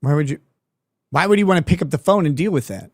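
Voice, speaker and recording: A man hosting a casual late-night talk show, throwing in sarcastic jokes. His pitch swings in a lively way. The sound is dry and close. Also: quick pace, no echo. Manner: sarcastic, joking interjections. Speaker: host.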